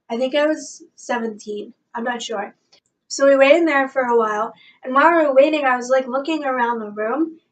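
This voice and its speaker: Gushing young woman, slightly distant mic. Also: a little high. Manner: breathless, gushing, filler-heavy storytelling. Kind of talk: excited storytelling vlog. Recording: voice a bit far from the mic, faint background noise.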